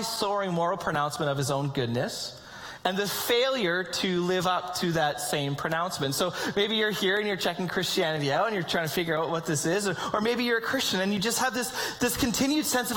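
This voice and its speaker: A man preaching a sermon to his congregation, animated and conversational, with joking asides. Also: sits high, moderate pace. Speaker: pastor. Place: church sanctuary with congregation. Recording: long hall reverb.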